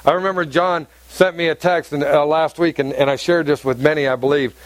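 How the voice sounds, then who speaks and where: High-voiced man preaching emphatically. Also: steady tone, fairly quick, dry recording. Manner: emphatic, repeats phrases and asks the congregation questions. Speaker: pastor. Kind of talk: sermon. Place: church hall with congregation.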